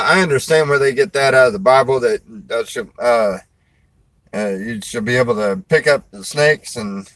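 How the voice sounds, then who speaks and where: A man's voice: medium pitch, a bit bright, no room sound, rough recording. A man, a preacher and show host, chatting casually in a folksy, rambling way and laughing often. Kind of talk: casual chat.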